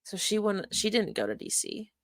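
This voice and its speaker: A woman's voice: medium pitch, big pitch swings, moderate pace, dry recording. A woman casually commenting while watching a past live stream, thinking aloud and unpacking what happened. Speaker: stream reviewer.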